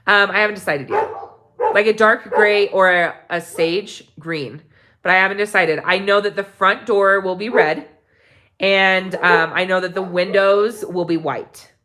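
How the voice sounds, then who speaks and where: A woman vlogger chats to her viewers in a rambling, heartfelt way, full of ums and restarts. Her voice sits at an ordinary middle pitch, with an unscripted, personal feel. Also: steady tone, measured pace, pushed and bright. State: tearful near the end. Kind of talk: casual chat to viewers. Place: home in Mexico.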